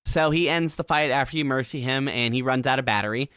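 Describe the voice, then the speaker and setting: A man's voice: mid-range voice, fast talker, fairly bright tone, smooth, no room sound, studio quality. A man in casual podcast chat, explaining a video game in a laid-back way.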